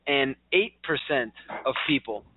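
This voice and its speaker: A man's voice: medium pitch, lively intonation, unhurried, husky. A man hosting a radio talk show in a casual, chatty way, laughing easily and quizzing his co-host. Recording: tinny phone-like sound.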